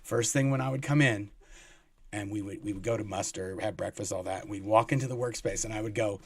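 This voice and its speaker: A man telling rambling, animated anecdotes as a guest, with many restarts. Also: on the low side, a little fast, gravelly, breathy edge, dry recording. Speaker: guest, former Sea Org member. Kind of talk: casual storytelling in an interview.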